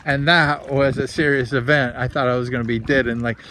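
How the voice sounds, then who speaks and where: A man telling a personal story in a casual, rambling way, heavy on filler words and excitable as he retells it. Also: medium pitch, a little fast, a little hiss or hum.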